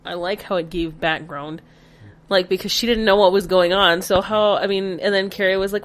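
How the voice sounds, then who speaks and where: A woman co-hosting a podcast in casual chat, animated, swearing, often trailing off unsure. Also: mid-range voice, fairly quick. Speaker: podcast co-host.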